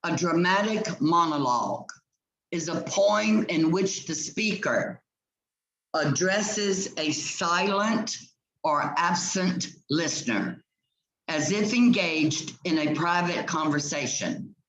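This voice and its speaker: A teacher lectures at an unhurried, measured pace, reading textbook definitions aloud and pausing often to check in with the class. The voice sits at a middling pitch. It rings in a roomy classroom. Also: animated, fairly bright tone. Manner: checks in with students with frequent "okay".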